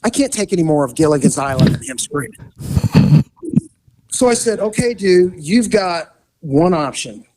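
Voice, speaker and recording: Man, former cop, storytelling podcast, lively swinging pitch, dry close mic. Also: moderate pace, pauses often, no room sound. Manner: animated, acts out voices and sound effects. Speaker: retired police officer telling stories. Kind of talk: casual storytelling chat.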